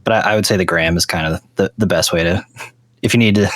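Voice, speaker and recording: A man's voice: low voice, quick pace, dry recording. A man guest on a podcast, talking casually and loosely with some hesitation. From Massachusetts. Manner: relaxed, hesitant with fillers. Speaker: guest, pedal maker. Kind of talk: casual interview. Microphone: remote call line.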